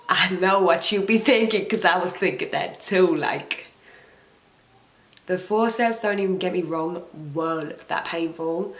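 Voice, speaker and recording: A young woman telling a personal story to camera in a chatty way, full of "like" and "oh my gosh". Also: fairly low pitch. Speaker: vlogger. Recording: echoey room.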